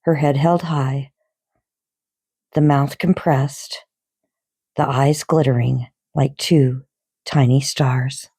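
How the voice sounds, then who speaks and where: A woman reads a children's novel aloud with an expressive storybook delivery. Her voice is low and mellow, and she takes her time. The recording is dry and close. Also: breathy edge, no room sound. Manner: expressive storybook reading, unhurried.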